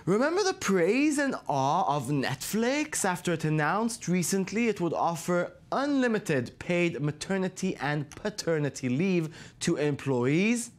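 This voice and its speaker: A news show host runs through a scripted tech news roundup in a fairly high, lively male voice. He reads briskly, slipping dry, sarcastic jokes in between stories.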